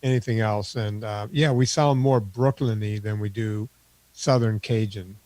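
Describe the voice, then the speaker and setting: A man's voice: on the low side, fairly even intonation, unhurried, a little mellow, dry recording. Louisiana guy with a yat accent, guest on a video call, stammers a bit, dry sound. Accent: New Orleans Yat. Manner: stammers on starts, easygoing. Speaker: podcast guest. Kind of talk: casual interview chat.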